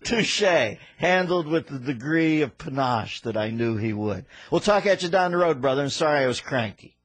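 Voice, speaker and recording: A man hosting a radio talk show, firing off quick wisecracks and pop culture jokes in casual banter from the studio. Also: medium pitch, no room sound. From United States. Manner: rapid-fire wisecracks and pop culture riffs.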